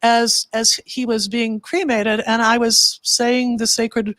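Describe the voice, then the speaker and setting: Female host, warm and responsive, a bit high, dry video-call sound. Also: little pitch movement, slow, no echo. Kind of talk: casual conversation.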